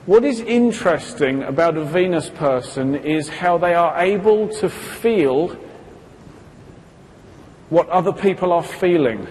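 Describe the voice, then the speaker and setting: A man with a high voice gives a live seminar talk from a stage, taking his time over each point. He asks the audience questions and slips into quoted voices as he goes. The sound carries a long hall reverb with a faint hiss underneath. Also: expressive, unhurried, a little mellow. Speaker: seminar presenter.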